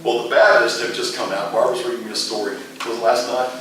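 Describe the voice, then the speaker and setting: A man's voice: medium pitch, fairly even intonation, quick pace, fairly bright tone. A middle-aged man teaching a casual Bible class, rambling through stories with frequent restarts. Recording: echoey room, mic far off, noisy.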